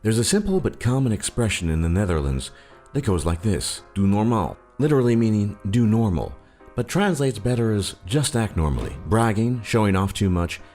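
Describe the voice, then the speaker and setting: A man's voice: lowish voice, big pitch swings, a little fast, darkish tone, faint music behind. A man giving scripted narration for a list video, with a wry, joking delivery.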